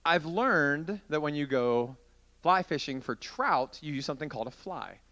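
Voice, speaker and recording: A man giving a youth sermon as a story, his voice sitting a little high and bright. He talks in a loose, chatty way and swings his pitch up and down as he acts out the scenes. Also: lively intonation, normal speed. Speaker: youth pastor.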